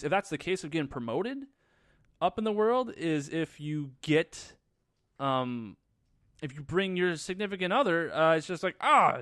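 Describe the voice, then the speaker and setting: A man's voice: on the high side, a bit bright, no echo, clean studio sound. A young man reviewing a movie in a casual vlog, sarcastic, crude and rambling as he retells the plot.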